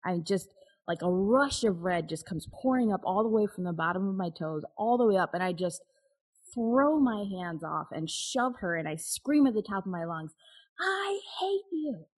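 A woman's voice: fairly low pitch, lively intonation, normal speed, a little mellow, slightly rough, low-quality recording. A woman guest telling a personal story in an interview, candid and open, laughing now and then. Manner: candid, with frequent restarts and nervous laughs.

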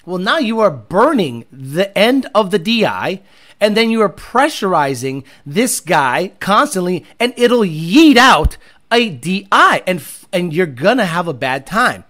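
A man talking casually on a livestream as a performance car tuner, blunt and animated, swearing freely. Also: high-pitched, unhurried.

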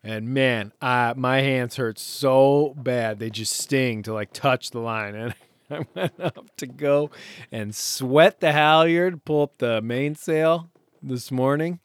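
A man's voice: mid-range voice, slow, no room sound. A man talking casually while alone on a sailboat offshore, rambling and joking at his own expense. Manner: rambling, self-mocking, laughs often. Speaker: solo sailor podcaster. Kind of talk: casual talk.

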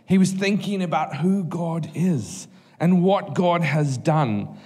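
A man preaching a sermon in church, telling stories in a lively, conversational way. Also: on the high side, slow pace, husky. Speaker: guest preacher. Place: church hall. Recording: live hall reverb with faint music.

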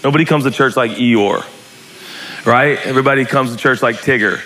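A man preaching a lively sermon in a church, joking, shouting and acting out voices as he talks. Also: mid-range voice, fairly quick, heavy background noise. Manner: animated, joking, shouts and acts out quotes. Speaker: pastor. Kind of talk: lively sermon to a live congregation. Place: church hall.

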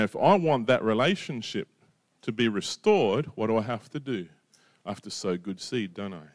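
A middle-aged man preaches in a relaxed, conversational way, often checking in with his listeners. His voice sits at an ordinary middle pitch. The sound is dry and close, with no room echo. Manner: conversational, drops in "right?" and "you know". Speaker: pastor. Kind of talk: sermon.

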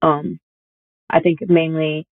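A woman's voice: low-pitched, little pitch movement, slow, dry recording. Casting: young woman guest, chatty and filler-heavy storyteller, thin phone-like sound, dry. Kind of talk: casual conversation. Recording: tinny phone-like audio.

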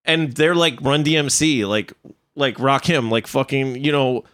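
A man's voice: mid-range voice, a little slow, fairly bright tone. A man co-hosting a casual podcast, rambling with many fillers and curse words. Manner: rambling, filler-heavy, profane. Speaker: podcast co-host. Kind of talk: casual chat.

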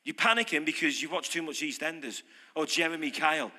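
A British man preaching a sermon, lively and conversational, putting questions to his congregation. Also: a little high, fairly quick. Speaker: pastor. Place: church hall. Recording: reverberant hall.

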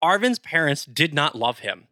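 A man's voice: fairly high pitch, very animated, normal speed, bright, forceful tone, no room sound. A man co-hosting a podcast, eagerly retelling a video game's story in casual chat. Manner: enthusiastic, retells game scenes with quoted lines. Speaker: podcast co-host.

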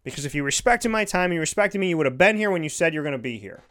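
A man speaking in a fairly high voice, delivering a sincere motivational talk. He leans on repetition and heartfelt phrasing to drive each point home. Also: animated, fast talker, sharp tone. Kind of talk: motivational monologue.

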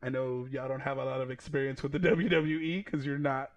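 A man in his thirties hosting a podcast, casual and profane, excitable and quick to laugh. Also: medium pitch, muffled recording. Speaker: podcast host.

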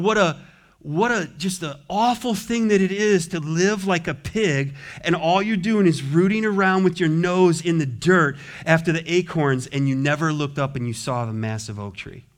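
A pastor preaching a sermon with passion, swinging from loud exhortation to soft, low asides. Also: male voice. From United States.

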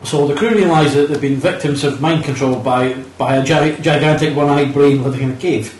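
Wry man, slightly high, echoey room. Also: fairly even intonation, a little fast, darkish tone, far from the mic, slight background noise. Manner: wry, dryly sarcastic, swears casually. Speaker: podcast co-host. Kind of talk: casual chat recapping a film. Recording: echoey room, set back from the mic.

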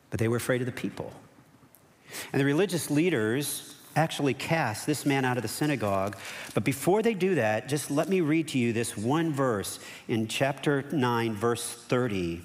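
A male pastor preaching a sermon, animated, acting out quoted voices and dropping to hushed asides. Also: mid-range voice. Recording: long reverb of a church hall.

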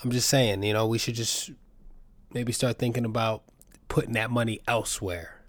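A man's voice: mid-range voice, fairly even intonation, moderate pace, no echo. A man, from the Bronx, telling a rambling, profane story full of tangents as a podcast host. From New York City, the Bronx. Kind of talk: casual monologue.

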